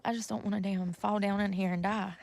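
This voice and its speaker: A woman's voice: medium pitch, flat delivery, brisk, vocal fry, a little mellow. A breathless woman, rambling and cursing freely as she vlogs live outdoors in the snow by a river on a handheld phone. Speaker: vlogger. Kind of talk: casual livestream chat.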